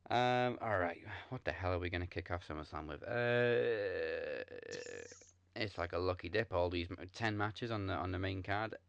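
Deep-voiced man hosting a casual chat. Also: moderate pace, vocal fry, fairly bright tone, clean tone, no room sound, lo-fi sound. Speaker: podcast host. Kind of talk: casual chat, wrestling predictions.

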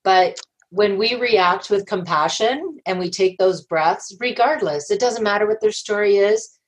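A woman guest in an interview, telling stories in a lively way and acting out the people she quotes. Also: medium pitch, measured pace, rough recording. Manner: animated storyteller, acts out quoted voices, laughs often. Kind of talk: conversational interview.

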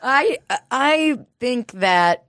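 A woman's voice: high-pitched, animated, drawn-out words, a bit bright, dry recording, studio quality. A woman co-hosting a comedy podcast in loose, laughing chat, swearing freely. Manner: swears a lot, laughs easily. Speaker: podcast co-host.

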